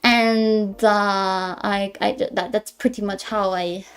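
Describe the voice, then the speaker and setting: A woman's voice: medium pitch, steady tone, slow, fairly bright tone, clean tone. Rambling young woman streamer. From Greece. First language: Greek. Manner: rambling, self-correcting, stammers and laughs often. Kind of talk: casual live-stream chat.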